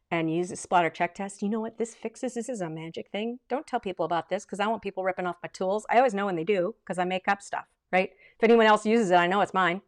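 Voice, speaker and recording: A middle-aged woman giving a livestream vocal lesson, lively and chatty, breaking into short sung demonstrations. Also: medium pitch. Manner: lively, demonstrates by singing snippets. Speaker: vocal coach.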